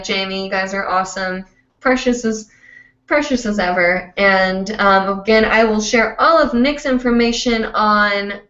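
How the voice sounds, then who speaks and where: A woman's voice: medium pitch, a bit bright. Chatty woman hosting a roomy lo-fi livestream. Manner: rambling and chatty, with many fillers. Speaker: host of a live online show. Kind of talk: casual live-stream chat.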